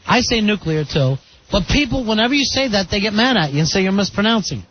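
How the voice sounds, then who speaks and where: A man's voice: high-pitched, expressive, fast, slight background noise. A man hosting a casual radio talk show, joking with his co-host and taking calls. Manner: jokey, leads the segment, takes calls. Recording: dull lo-fi radio broadcast.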